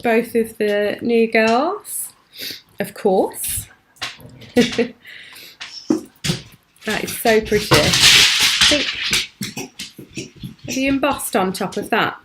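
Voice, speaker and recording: A woman's voice: fairly high pitch, expressive, extremely slow, pauses often, fairly bright tone, a little hiss or hum. A British woman hosting a live craft show from home, chatting admiringly and laughing often. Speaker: craft channel host.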